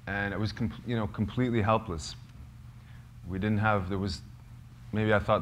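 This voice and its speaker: A man, a filmmaker, telling a true story to a small live group, halting and searching for words with many fillers. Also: lowish voice, fairly even intonation, slight background noise. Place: cozy lodge hall gathering.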